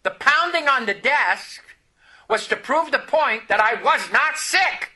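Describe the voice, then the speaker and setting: A man preaching a sermon, telling a personal story with animated, emphatic declarations. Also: extremely high pitch, unhurried, breathy edge.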